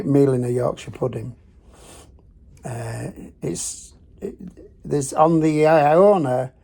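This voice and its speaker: Gravelly older Northern English man. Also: medium pitch, warm tone. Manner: chatty and rambling, with frequent fillers and restarts. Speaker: travel vlogger. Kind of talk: casual vlog chat. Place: cruise ship cabin.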